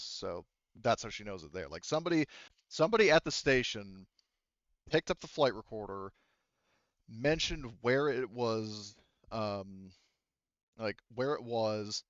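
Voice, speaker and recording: Here a somewhat low-voiced man at a measured pace leads a tabletop session as game master, his tone a touch bright and free of room sound. His explanations wander, packed with fillers and false starts, and the online call recording sounds dull and lo-fi.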